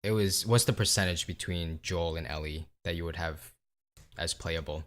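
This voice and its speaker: A man co-hosting a podcast, chatting casually about video games in a relaxed, teasing way and swearing now and then. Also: deep voice, normal speed. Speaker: podcast co-host.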